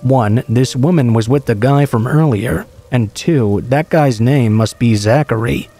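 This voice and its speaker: A man narrates true horror stories in a calm, even reading voice. His tone is dark and mellow, sitting at an ordinary middle pitch. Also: a little slow, faint music behind.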